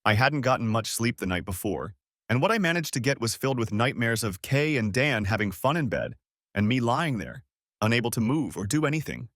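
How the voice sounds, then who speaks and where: A man's voice: mid-range voice, sing-song, a little fast, fairly bright tone, no room sound, studio quality. A man reading a first-person revenge story aloud in a bitter, sardonic manner. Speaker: narrator. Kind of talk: first-person audiobook narration.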